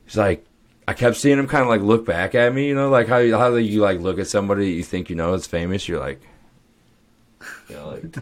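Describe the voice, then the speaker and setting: Low-voiced man telling casual stories. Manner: loose storytelling with laughs and swearing. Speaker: podcast co-host. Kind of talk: casual chat.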